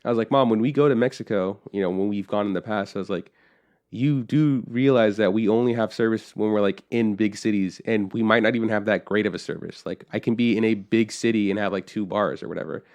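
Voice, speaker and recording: Low-voiced man telling a rambling story. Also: fairly quick, a little mellow. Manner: rambling storyteller, swears freely, acts out family quotes. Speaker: podcast co-host. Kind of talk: casual chat.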